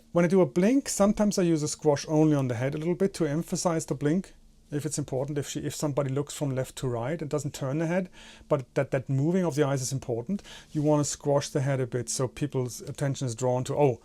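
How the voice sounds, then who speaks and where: A man with a slightly high, warm voice teaches animation in a tutorial. This instructor explains step by step, demonstrating with his own head and hands.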